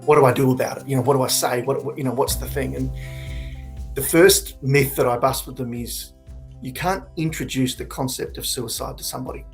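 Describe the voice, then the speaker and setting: Man, 40s, suicide prevention speaker; earnest, reflective, slightly gravelly, mid-pitched. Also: faint music behind. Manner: reflective, earnest, halting with restarts. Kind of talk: candid personal testimony.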